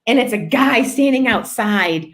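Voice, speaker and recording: Woman, real estate agent, lively storyteller, higher voice, acts out voices. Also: a little slow, noisy background. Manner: animated, acts out voices in her anecdote. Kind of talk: casual storytelling.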